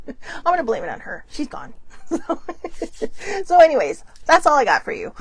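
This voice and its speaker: A woman's voice: a little high, big pitch swings, normal speed, gravelly, husky. A woman hosting her own livestream, telling a story in a rambling, chatty way and laughing often. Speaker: host.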